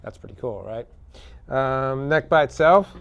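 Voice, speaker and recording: A man's voice: mid-range voice, unhurried, creaky, muffled recording. Chatty man demoing a guitar. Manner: relaxed, chatty, many fillers and tag questions. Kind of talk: casual product demo talk. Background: electric guitar playing.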